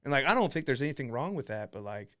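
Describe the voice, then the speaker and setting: Young man, podcast host, casual chat, animated storyteller, swears, middle pitch, dry close sound. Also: quick pace, no echo. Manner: animated storyteller, swears freely, laughs often.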